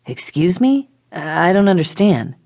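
A woman's voice: fairly low pitch, big pitch swings, unhurried, creaky, darkish tone, no echo, studio quality, heavily acted. A woman reading a puzzled, worried man.

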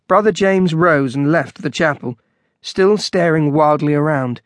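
A man narrating an audiobook in a measured, wry storytelling manner on a close studio mic. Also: a little high, no echo.

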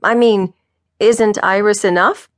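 A woman's voice: mid-range voice, fairly even intonation, slow pace, dry recording, clean studio sound, pitched above the performer's own voice, natural voice. A woman reading an audiobook voices a wry, unflappable middle-aged woman sleuth who talks in a teasing way.

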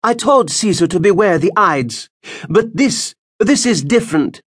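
An old woman seer speaks with dread and authority in a high, strained voice, as a male audiobook narrator puts her on. Her voice swings widely in pitch, and the timbre sounds unlike his usual reading voice. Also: animated, a little slow, slightly rough, full character voice. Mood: ominous.

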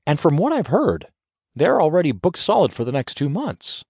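A man's voice: on the high side, huge pitch swings, normal speed, mellow, husky, dry recording, pitched above the performer's own voice, heavily acted. A man narrating an audiobook voices a cheery, chatty middle-aged boat skipper. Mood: cheerful.

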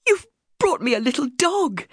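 A woman voicing her younger, excited self in an audiobook, gushing and affectionate, her voice rising high. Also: moderate pace, breathy edge, no echo, clean studio sound, exaggerated voice. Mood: delighted. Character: delighted wife, excitable and affectionate.

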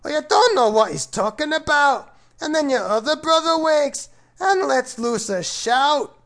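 A man's voice: very high voice, expressive, unhurried, fairly bright tone, full character voice. A man putting on a hammy Scottish brogue. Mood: storytelling. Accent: put-on Scottish. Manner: hammy, playful, exaggerated. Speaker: storyteller. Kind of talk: comic rhyming children's story reading.

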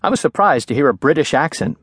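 A man reading a thriller audiobook aloud in a measured, clear storytelling manner, recorded on a studio microphone. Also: a little high, expressive, fairly bright tone, dry recording. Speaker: audiobook narrator. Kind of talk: scripted narration.

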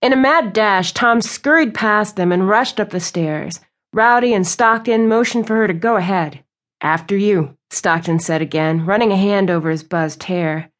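A woman's voice: medium pitch, normal speed, hardly any pauses. Woman narrating a romance audiobook. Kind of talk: scripted narration.

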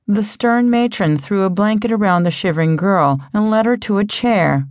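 Woman, audiobook narrator, steady dramatic telling, dry close studio sound. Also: medium pitch, normal speed, few pauses, no echo. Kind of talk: scripted narration.

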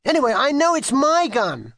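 A man voicing a stubborn, proud young girl in a children's audiobook, with a high, childish pleading voice. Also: lively intonation, unhurried, dry recording, clean studio sound. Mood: insistent.

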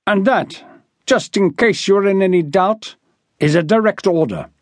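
A man's voice: high-pitched, a little slow, dry recording. A man voicing a brooding, harsh ship's captain who speaks in a tight, clipped, commanding way.

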